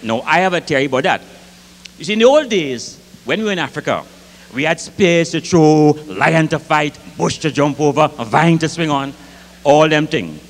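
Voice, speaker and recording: A Grenadian man doing comic storytelling onstage at a live concert, lively and rich in dialect, acting out the voices in his tales. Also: on the high side, normal speed. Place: concert hall with audience. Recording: live concert hall reverb, faint ambience.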